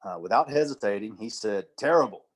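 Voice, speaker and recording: A middle-aged man giving a church talk, telling stories, acting out quoted dialogue and reading poetry slowly. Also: fairly low pitch, lively intonation, breathy edge. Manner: storytelling, acts out quotes, recites poetry slowly. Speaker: church speaker and literature teacher.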